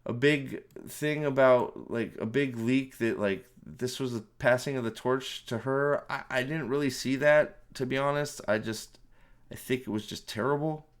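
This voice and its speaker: Man, movie reviewer, ranting spoiler review, sarcastic, swears a lot, rambling, mid-pitched voice. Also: normal speed. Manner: profane, sarcastic, exasperated; rambling with restarts and fillers.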